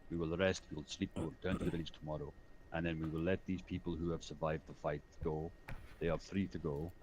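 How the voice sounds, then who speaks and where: A man's voice: rumbling low, steady tone, fast talker, darkish tone, slight background noise, rough recording. A man voicing a stern male bear warrior who talks stiffly and formally, never using contractions. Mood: calm, commanding.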